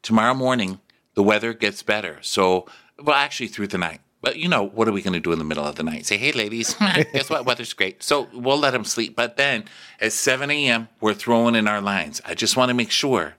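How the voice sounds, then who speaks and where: Bright-toned wry male podcaster. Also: fairly low pitch, expressive, fairly quick. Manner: wry, quotes people in put-on voices. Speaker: podcast co-host. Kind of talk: casual comedic recap chat.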